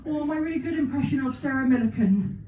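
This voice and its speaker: A woman's voice: high voice, fast talker. A woman performing a crude, self-deprecating stand-up set and bantering with the crowd. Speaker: stand-up comedian. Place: comedy club stage. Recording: roomy, distant live club recording.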